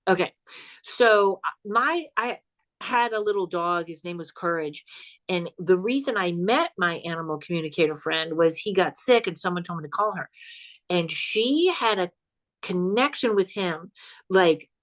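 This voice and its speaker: A woman guesting on a podcast as a psychic comedian, telling a spooky story in an animated, chatty way and laughing as she goes. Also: on the low side, normal speed. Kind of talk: casual storytelling chat.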